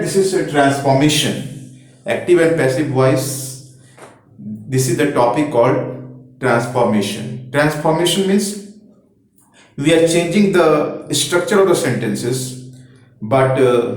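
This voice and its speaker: A man teaching English grammar, explaining slowly and repeating himself while pointing to examples on a board. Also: a little high, animated. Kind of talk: classroom-style explanation. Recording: very echoey room, voice from far off.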